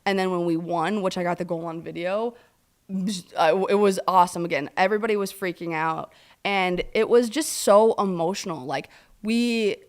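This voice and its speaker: Excitable woman gushing about a game. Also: lowish voice, normal speed. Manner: excitable, lots of "like", swears freely. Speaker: co-host. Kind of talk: casual sports chat.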